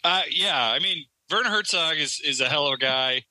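A man's voice: fairly high pitch, moderate pace, bright, forceful tone, dry recording, low-quality recording. A man co-hosting a podcast, telling stories in a rambling, profane way and laughing mid-sentence. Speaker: podcast co-host. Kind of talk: casual banter.

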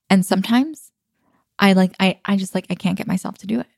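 A woman's voice: mid-range voice, fairly quick, gravelly, darkish tone, dry recording, studio quality. A woman in her thirties hosting her own podcast, talking casually and upbeat, laughing easily. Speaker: podcast host. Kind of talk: casual solo podcast talk. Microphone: computer recording.

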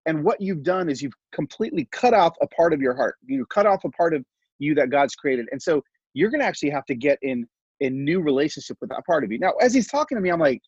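A middle-aged man on a podcast, telling a heartfelt personal story in an animated, casual way full of fillers. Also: fairly high pitch, fast, slightly rough, no room sound, muffled recording. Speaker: podcast guest.

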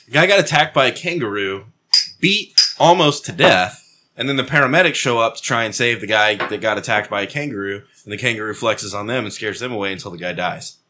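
A man's voice: on the low side, a little fast, a little hiss or hum. A man in casual, crude banter with friends, laughing often and telling stories. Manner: animated, laughs often, swears.

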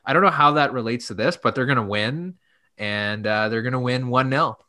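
Bright-voiced man on goofy tangents. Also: mid-range voice, fairly quick. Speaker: podcast co-host. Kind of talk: casual sports chat.

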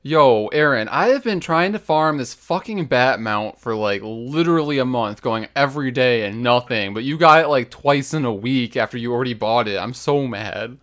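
A man hosting a casual gaming podcast, excitable and quick to exclaim. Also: medium pitch. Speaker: podcast host.

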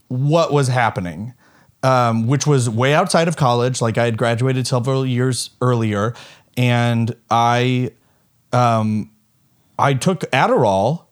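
A young adult man with a slightly raised pitch chats casually with his mother. He tells stories animatedly, full of quick asides. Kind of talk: casual chat.

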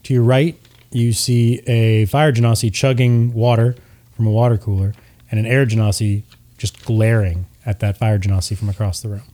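A young man narrating a tabletop game as game master. His voice is mellow and soft-toned. He talks in an easygoing way, padding his lines with fillers. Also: on the low side, flat delivery, moderate pace.

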